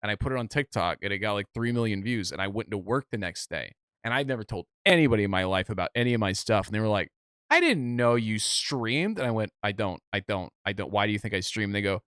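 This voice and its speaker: Young man, podcast co-host, casual chat, lively storytelling, dry close sound. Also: fairly low pitch, fast, clear, resonant tone, no room sound. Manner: animated storytelling, acts out other people's lines.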